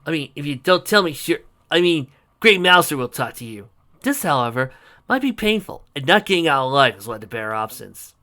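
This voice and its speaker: A man voicing a brash, tough tomboy barbarian girl in a storybook reading, talking loud, bossy and sarcastic. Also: a little high, big pitch swings, fairly quick. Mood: threatening.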